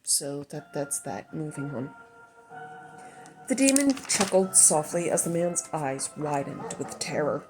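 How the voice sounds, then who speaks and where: Brief: low-pitched woman storyteller, casual chatty asides, faint music bed. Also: expressive, unhurried, poor audio. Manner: chatty, self-deprecating asides between narration. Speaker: storyteller reading her own story.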